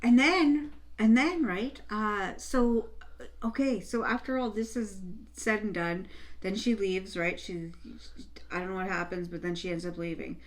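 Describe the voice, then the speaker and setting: A woman's voice: mid-range voice, unhurried. A woman from Canada with a Canadian English accent, co-hosting a casual chat and telling a story in a rambling way, full of fillers and swearing. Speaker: co-host.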